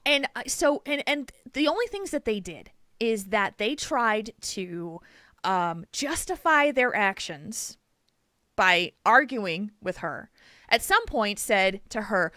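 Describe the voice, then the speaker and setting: A woman hosting a podcast, telling a story in an animated, emphatic way and laughing often. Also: mid-range voice, takes it slowly, no room sound. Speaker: podcast host. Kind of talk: casual chat, storytelling.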